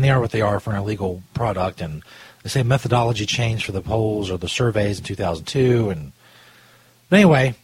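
A man's voice: on the low side, breathy edge, no echo. A man hosting a casual live podcast, rambling and profane, often restarting his sentences. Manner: loose, rambling, profane, self-interrupting. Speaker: podcast host. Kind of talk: casual talk show banter.

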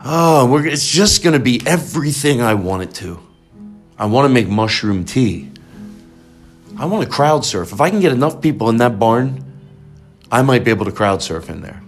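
A man hosts a podcast in excited, rambling casual chat. His voice swings all over the place, leaping high when he gets worked up. Faint guitar music plays behind him. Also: moderate pace. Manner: excitable, rambling, jumps up in pitch. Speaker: podcast host.

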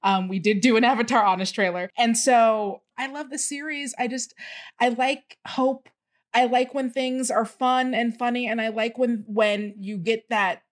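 A woman's voice: a little high, steady tone. Enthusiastic woman podcast guest. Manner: enthusiastic, quick, laughs easily. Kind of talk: casual podcast chat.

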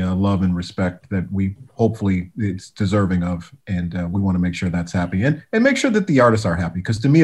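A man, a guest music producer, telling stories in a relaxed interview, animated and full of restarts. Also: fairly low pitch. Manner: animated storyteller, many restarts, acts out quotes.

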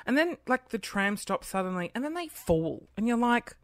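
A woman's voice: fairly high pitch, very animated, moderate pace, hardly any pauses. A thirty-year-old woman hosting a podcast, ranting in an exasperated, casual monologue full of swearing and acted-out scenes, talking at home by her computer. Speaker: podcast host.

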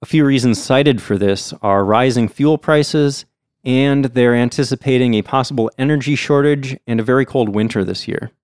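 A man hosts a podcast, chatting in a friendly, easygoing way. His voice is smooth and clear, at a middling pitch. The recording is dry and close. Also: moderate pace, a little mellow, no echo. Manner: friendly, chatty, hedging with fillers. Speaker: podcast host. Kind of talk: casual chat.

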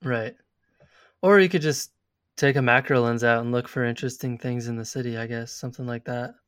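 A man hosting a podcast interview, easygoing and quick to laugh. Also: mid-range voice, fairly even intonation, a bit bright, clean tone, dry recording, clean studio sound. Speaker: podcast host. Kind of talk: casual interview chat.

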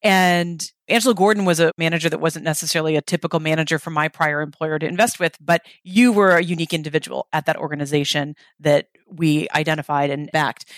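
A woman interviewing a fund manager, recalling their shared history in a measured way before asking her question. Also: lowish voice, no echo, studio quality. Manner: measured, detailed recollection leading into a question. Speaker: interviewer, investment officer.

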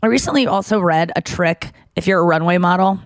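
Her voice sits on the low side and moves briskly, with no room sound at all. She's a young woman co-hosting a podcast, chatting casually and telling frank, crude stories while acting out people's lines.

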